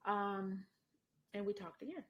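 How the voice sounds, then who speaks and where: A middle-aged woman hosting a podcast, telling a story in a chatty way, calling her listener honey and dropping into soft asides. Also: mid-range voice, unhurried, highs cut off. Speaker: podcast host. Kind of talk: casual podcast monologue.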